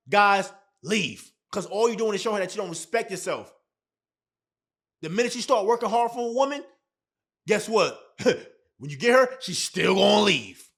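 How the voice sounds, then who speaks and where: Blunt high-voiced man giving dating advice. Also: lively intonation, a little fast, a bit bright. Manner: blunt, emphatic, repeats points. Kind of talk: casual talk to camera.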